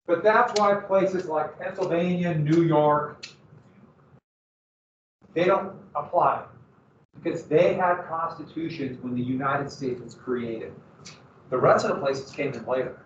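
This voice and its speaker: A man with a high voice lectures a class on history and keeps throwing questions at his students. He sounds set back from the mic in an echoey room, and the sound is a little muffled. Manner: animated, asks the class questions. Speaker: history teacher. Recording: dull, roomy, from a distance.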